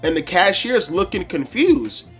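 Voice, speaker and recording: Guy ranting a story to his channel, lots of cussing and slang, kinda high voice. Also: measured pace, breathy edge, soft background music. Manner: profane, animated, slangy. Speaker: YouTube wrestling reviewer. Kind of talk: casual storytelling rant.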